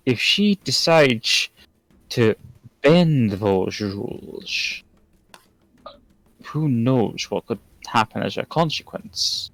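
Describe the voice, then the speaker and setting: A man narrating a tabletop game as game master, in a measured, formal way. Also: medium pitch, no echo, rough recording.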